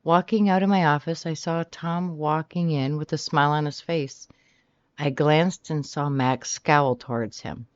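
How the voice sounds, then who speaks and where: An audiobook narrator reading a romance novel in the first person, animated and shifting pitch often from line to line. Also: unhurried, smooth, dry recording. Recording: slightly dull, dry recording.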